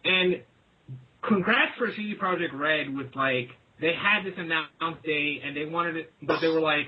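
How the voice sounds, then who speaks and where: A man's voice: a little high, normal speed. A man in a casual podcast chat, rambling with lots of "like" fillers, heard over a tinny phone-like line.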